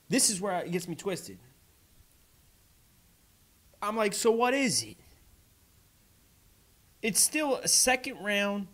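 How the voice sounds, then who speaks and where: Exasperated ranting young man, pitch climbing. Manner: exasperated, swears, gets louder and higher as he rants. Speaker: vlogger. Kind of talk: casual reaction rant.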